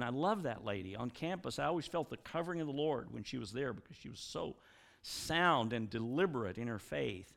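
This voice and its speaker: A man's voice: on the high side, creaky. A middle-aged man preaching a sermon, telling stories and acting out the voices of the people he quotes. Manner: animated storytelling, mimics the voices he quotes.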